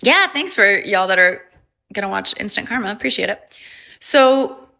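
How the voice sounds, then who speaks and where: A woman talks casually on her livestream. Her voice sits in a middle pitch and has a bright edge. She is chatty and upbeat, and laughs often between thoughts. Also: very animated, normal speed, vocal fry. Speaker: livestream host.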